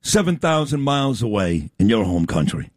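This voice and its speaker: A man's voice: lowish voice, normal speed, no room sound, clean studio sound. A middle-aged man hosting an interview show, talking emphatically and telling stories with lots of energy. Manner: emphatic and animated, storytelling. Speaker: talk show host. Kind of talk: conversational interview.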